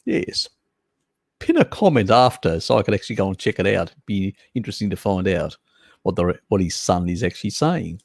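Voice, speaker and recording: A man with a low voice and vocal fry talks a little fast and very animatedly, with no room sound. He's hosting a casual live stream, chatting with viewers and reading their comments aloud. He's chatty, laughs often, and calls everyone mate.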